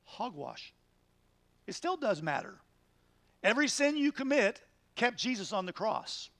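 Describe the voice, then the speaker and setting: High-voiced earnest pastor teaching. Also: male voice, big pitch swings, moderate pace, fairly bright tone, no room sound. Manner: earnest, emphatic, rhetorical questions. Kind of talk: midweek Bible study teaching.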